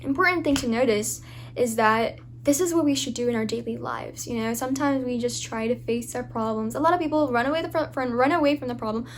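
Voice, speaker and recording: A woman's voice: fairly high pitch, quick pace, a little hiss or hum. A woman giving an informal devotional talk as a Christian speaker, earnest and full of fillers and restarts.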